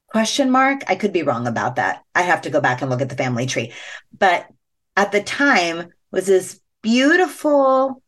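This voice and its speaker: A woman telling a personal story as a podcast guest, animated and chatty, laughing often and using many fillers. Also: on the low side. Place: podcast interview.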